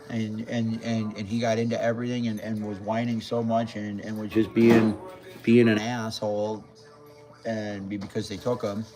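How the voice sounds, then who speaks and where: A man's voice: fairly low pitch, darkish tone, low-quality recording. Rambling, stumbling man over faint music. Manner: rambling, halting, stumbles and repeats words, swears. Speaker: vlogger. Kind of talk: casual vlog talk.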